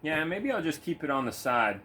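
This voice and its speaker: A man's voice: a little high, sing-song, fairly quick, bright, forceful tone. A man giving casual, laid-back gameplay commentary at home, swearing freely and cooing at his cat between remarks. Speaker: gaming video creator. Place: home room.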